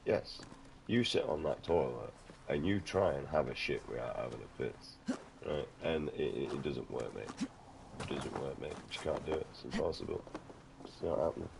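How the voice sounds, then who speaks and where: A man's voice: a bass voice, vocal fry, background noise. A man chatting casually over gameplay, rambling, swearing freely and calling the listener mate. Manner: rambling, swears a lot, keeps saying "mate". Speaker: gaming channel host.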